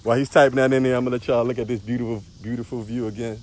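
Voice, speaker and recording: A man's voice: medium pitch, flat delivery, very fast, darkish tone, a little hiss or hum. Preaching man outdoors with crickets. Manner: preachy, repetitive, sing-song emphasis. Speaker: spiritual teacher. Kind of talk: outdoor livestream sermon.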